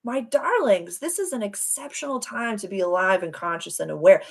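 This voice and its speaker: A woman's voice: fairly high pitch, big pitch swings, moderate pace, gravelly, hardly any pauses, husky. A woman hosting a casual astrology livestream, effusive and gushing, often repeating her words. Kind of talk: casual live-stream chat.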